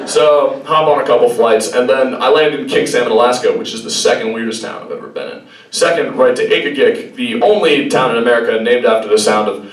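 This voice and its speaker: A young man performing a stand-up set, deadpan storytelling broken by sudden high-pitched voices. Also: a little fast, few pauses. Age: young adult. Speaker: student stand-up comedian. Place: campus hall before a live audience. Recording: roomy live hall, distant mic, audience laughter. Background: audience laughing.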